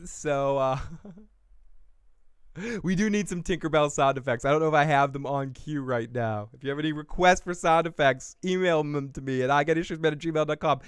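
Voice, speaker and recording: A man's voice: a little high, normal speed, clean tone, dry recording, clean studio sound. Jokey, profane man hosting a live podcast. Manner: jokey, profane, laughs often, reads chat aloud. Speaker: podcast host. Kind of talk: casual live recap commentary.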